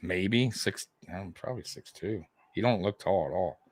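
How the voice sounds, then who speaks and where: A man co-hosting a casual live football watch party, talking in a loose, animated way, laughing often and repeating himself. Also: low-pitched, normal speed, a little hiss or hum. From half Italian heritage. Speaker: co-host of a sports watch-party stream.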